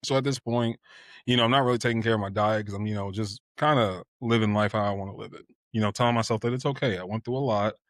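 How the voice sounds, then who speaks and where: This podcast guest, a man in his twenties, has a lowish voice and a quick pace as he tells a personal story candidly and reflectively, full of "you know" fillers. The recording is dry with clean studio sound.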